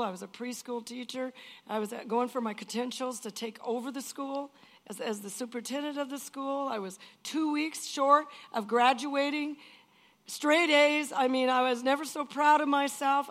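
A woman's voice: high voice, fairly bright tone. An older woman giving an emotional personal testimony in an earnest, emphatic way, often repeating phrases.

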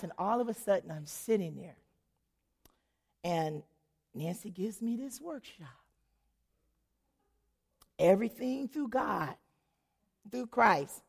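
A woman's voice: mid-range voice, gravelly, darkish tone, husky. A woman giving a church testimony, telling her story animatedly, acting out the dialogue and laughing often.

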